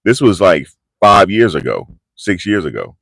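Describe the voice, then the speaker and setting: A man's voice: sits low, very animated, normal speed, gravelly, fairly bright tone, dry recording. A man hosting a livestream, telling stories in casual slang and reading out chat comments. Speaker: livestream host.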